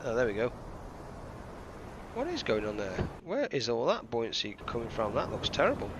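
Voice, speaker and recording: A man from the UK giving chatty, excitable live commentary while streaming a game and greeting viewers. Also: mid-range voice, normal speed. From United Kingdom. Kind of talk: casual live gameplay commentary. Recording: slightly dull stream mic with faint hiss.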